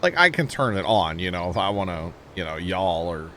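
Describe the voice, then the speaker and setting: Over a faint hiss or hum, a low-voiced man chats with his stream viewers as he plays a game. He's a livestream gamer from Missouri with a St. Louis accent, rambling and laughing easily in a sing-song, fairly bright voice at a moderate pace.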